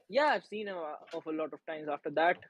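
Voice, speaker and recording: A man's voice: on the high side, lively intonation, a little fast, dry recording, muffled recording. A young man from India co-hosting a live football watchalong, chatting casually and reading out viewer messages. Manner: chatty, reads out chat messages. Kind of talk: casual live-stream chat.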